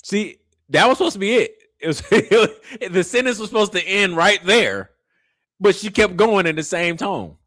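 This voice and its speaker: His voice sits high and moves at a normal speed as he hosts a casual reaction show, ribbing and mocking in a lively, slangy way. The audio is clean studio sound without echo.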